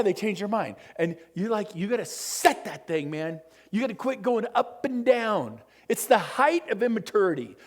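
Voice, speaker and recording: A man gives a motivational seminar talk. His voice sits high for a man, and he preaches with big swings between loud bursts and quiet asides. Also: animated, brisk. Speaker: motivational speaker. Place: conference room.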